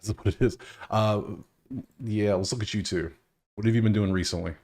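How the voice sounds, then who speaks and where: A man's voice: lowish voice, fairly even intonation, normal speed, a little mellow. Loose-talking man breaking down bets. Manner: loose, talking to himself, swears. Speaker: sports betting host. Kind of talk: casual betting breakdown.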